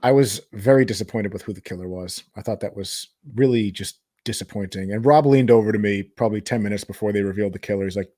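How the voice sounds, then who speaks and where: A man with a fairly low voice talks through his thoughts on a movie in easy, conversational podcast chat. The sound is dry and close, with no room around it. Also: fast talker, hardly any pauses, dark tone, no echo. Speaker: podcast co-host. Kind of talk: casual movie review chat.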